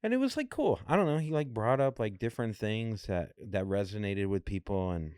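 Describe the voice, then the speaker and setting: A man's voice: lowish voice, fairly quick, clean tone, no room sound, studio quality. A man co-hosting a podcast, telling a story in a casual, jokey way and acting out what people said. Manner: animated, jokey, acts out quotes in other voices. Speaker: podcast co-host.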